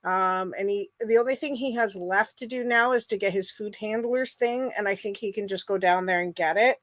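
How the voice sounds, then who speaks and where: A middle-aged woman hosts a casual livestream, chatting and rambling with lots of fillers while greeting live viewers by name. Her mid-range voice is fairly bright at a moderate pace, with no room sound.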